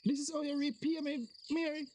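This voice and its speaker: Brief: high-pitched, accusing Jamaican man, played by an actor, faint night noise behind. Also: flat delivery, brisk, darkish tone. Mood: bitter. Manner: angry, accusing, emphatic. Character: wronged man confronting his pastor. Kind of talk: acted drama dialogue in patois.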